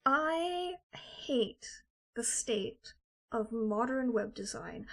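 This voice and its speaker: A woman's voice: fairly high pitch, lively intonation, drawn-out words, gravelly, fairly bright tone. A young woman live-streaming, swearing and ranting to herself in exasperation. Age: young adult. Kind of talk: casual live-stream chat.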